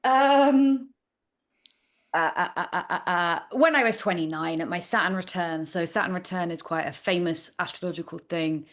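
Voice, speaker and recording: A woman's voice: fairly low pitch, moderate pace. Chatty woman. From Nottingham, England. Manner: chatty storyteller, trailing off. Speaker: astrologer guest. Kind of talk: casual interview.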